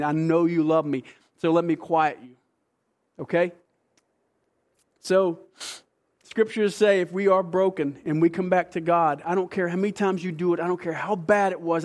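A man delivers a sermon in a notably high voice. He preaches with emphasis, easing into soft, hushed passages before building to excited, louder bursts. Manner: animated, emphatic preaching with sudden shifts between soft and loud. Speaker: pastor.

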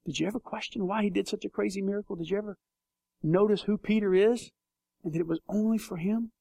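Male pastor, high-pitched, dry close sound, animated sermon storyteller. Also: fast, creaky, dry recording. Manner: animated storytelling, acts out voices.

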